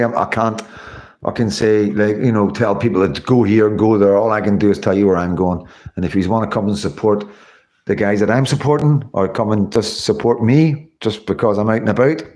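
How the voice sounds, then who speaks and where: Casting: male streamer, lowish voice, worn out, chatty, thanks everyone by name. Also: darkish tone. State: tired. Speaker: livestream host. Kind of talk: casual livestream sign-off.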